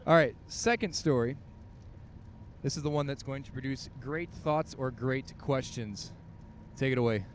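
A male podcast host cueing up the next story in brisk, upbeat lines. His voice sits at a middle pitch, with a faint hiss behind it. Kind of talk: casual introductions.

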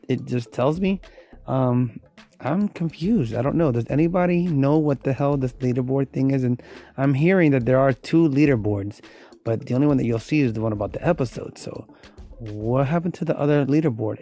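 Sleepy, mellow-voiced male host. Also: mid-range voice, brisk. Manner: rambling, thinking aloud. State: sleepy, yawning. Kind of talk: casual podcast chat.

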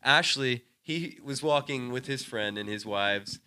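A man's voice: medium pitch, measured pace, bright, forceful tone, clear, resonant tone, no echo. A young man co-hosting a podcast, telling a long story in casual chat, rambling with constant "like" and "dude" and heavy swearing. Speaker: podcast co-host.

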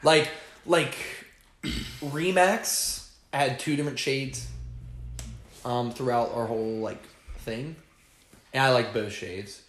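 A man's voice: medium pitch, slow pace, pauses often, echoey room. A young man co-hosting a podcast, chatting casually in a rambling, laid-back way, with lots of "like" and "bro". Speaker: podcast co-host. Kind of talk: casual chat.

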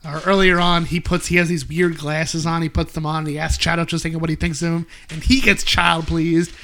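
Bright high-voiced man recapping a show. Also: fairly quick, creaky, slight background noise. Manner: animated, quotes characters in bursts. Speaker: podcast host. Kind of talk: casual episode recap chat.

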